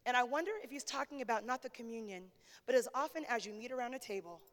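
A woman pastor preaching a sermon who calls out to her congregation and moves from hushed storytelling to shouted praise. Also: a little high, quick pace, slight background noise. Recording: long hall reverb.

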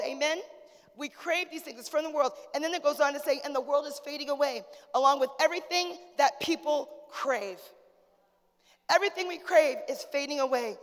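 A woman pastor preaching a sermon in a conversational, humorous way, calling out to the congregation. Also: high voice. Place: church sanctuary. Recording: long church reverb.

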